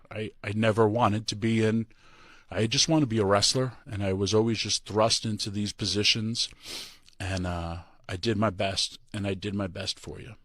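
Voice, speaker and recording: A tearful man giving an emotional farewell speech as a departing pro wrestler, halting and full of pauses. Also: lowish voice, fairly bright tone, no room sound, studio quality.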